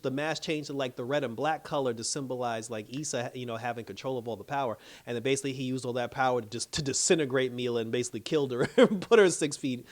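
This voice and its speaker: A man giving a casual, slangy recap of a TV episode as a reviewer, full of "like" and "you know" and laughing often. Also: medium pitch. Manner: loose, chatty retelling full of "like" and "you know". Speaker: TV show reviewer.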